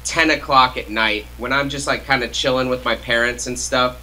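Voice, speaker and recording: Bright-voiced man telling a rambling story. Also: medium pitch, fairly even intonation, moderate pace, rough recording. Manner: rambling, heavy use of "like" and "uh" fillers. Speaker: co-host. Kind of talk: casual chat, storytelling.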